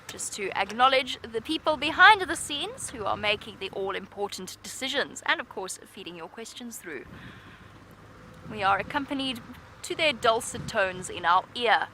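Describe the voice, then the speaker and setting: Female safari guide for live stream, upbeat and chatty, bright forceful tone, light vehicle noise behind. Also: fairly high pitch, lively intonation, moderate pace. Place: open safari vehicle outdoors.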